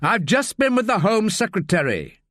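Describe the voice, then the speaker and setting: A man puts on a senior police officer, high-pitched and agitated, the voice jumping wildly up and down as he swears and barks orders. It sounds close and dry. He is bossy and never lets up. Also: huge pitch swings, moderate pace, a bit bright, no room sound, exaggerated voice.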